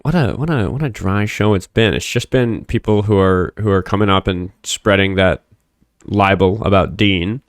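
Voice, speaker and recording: Man, low voice, livestream host, casual profane rambling, dry close sound. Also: moderate pace, dry recording. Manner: rambling, profane, frequent fillers. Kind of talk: casual livestream talk with callers.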